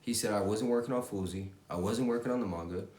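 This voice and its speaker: A man's voice: lowish voice, quick pace, darkish tone. A man giving a profane, intense motivational rant, repeating himself and swearing constantly. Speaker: motivational vlogger. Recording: roomy echo.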